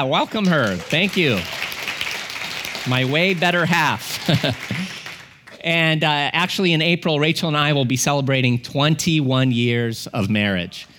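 A man in his forties preaching a sermon as a guest, humorous and animated in his storytelling. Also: mid-range voice, a little hiss or hum.

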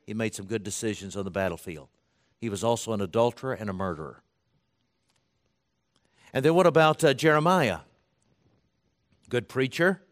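A man delivering a sermon at a middle pitch. He speaks in a loose, conversational way, restarts phrases often, and slips into the voices of the people he quotes. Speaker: preacher.

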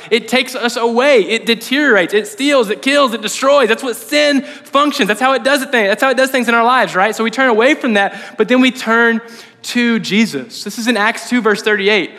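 A man preaching a sermon as pastor, conversational and animated, often checking in with the audience. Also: high-pitched, brisk. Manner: conversational, animated, frequent "right?" asides. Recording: long hall reverb.

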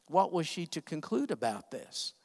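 A man preaching a sermon, telling an emotional story with frequent pauses and hesitations. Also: fairly high pitch, big pitch swings, creaky, big-room sound.

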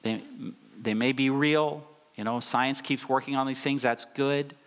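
With a medium-pitched, steady and slightly bright voice, a middle-aged male pastor preaches at an unhurried pace. He emphasizes and repeats key phrases for effect, and a large hall's long reverb colors the sound.

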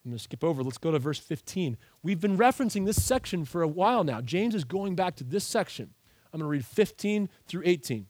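A man preaching a sermon, reading scripture and explaining it with earnest emphasis. His voice sits a little high for a man. The sound is dry and close. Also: sing-song, a little fast, darkish tone, no room sound. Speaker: pastor.

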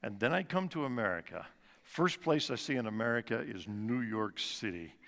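A man's voice: mid-range voice, lively intonation, gravelly. Man in his sixties testifying in an echoing church. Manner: earnest storytelling, slows and drops soft for emphasis. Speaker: guest speaker at church service. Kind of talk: personal testimony talk. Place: church sanctuary. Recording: long reverb of a large church hall.

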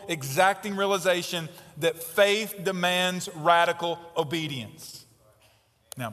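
A man preaching a sermon as pastor, emphatic, with loud stresses and quiet asides. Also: a little high, long reverb tail. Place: church sanctuary.

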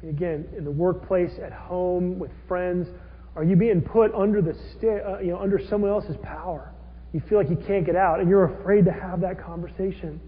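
Male pastor, high voice, animated sermon delivery, muffled lo-fi recording. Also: normal speed. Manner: animated, acts out quoted characters with rising intensity. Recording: dull lo-fi audio with long hall reverb.

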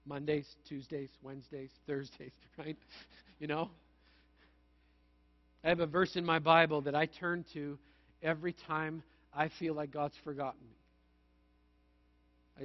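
A pastor from Manitoba, Canada, preaching a conversational sermon and telling stories with self-mocking humor. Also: male voice, on the high side, fairly even intonation, slow, pauses often. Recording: dull, lo-fi sound.

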